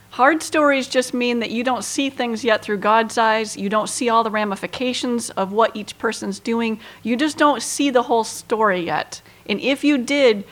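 Woman, a little high-pitched, conversational Bible teacher who acts out the quotes. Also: fairly bright tone. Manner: conversational, lots of you-knows, acts out quoted lines with feeling.

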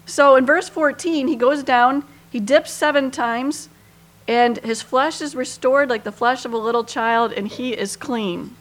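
A woman's voice: a little high, normal speed, fairly bright tone. A woman teaching a Bible passage in a conversational way, with frequent fillers and acted-out quotes. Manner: conversational, lots of you-knows, acts out quoted lines with feeling.

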